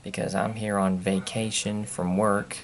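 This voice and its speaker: A man's voice: fairly low pitch, level tone, unhurried. A man chatting casually at home for his vlog, rambling and grumbling in an offhand way. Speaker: vlogger. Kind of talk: casual chat. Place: at home indoors.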